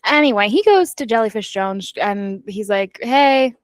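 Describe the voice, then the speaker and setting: A woman's voice: mid-range voice, normal speed, dry recording. A woman co-hosting a book club podcast, recapping a novel in casual chat and acting out the characters' lines. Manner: animated recap that acts out characters' quotes.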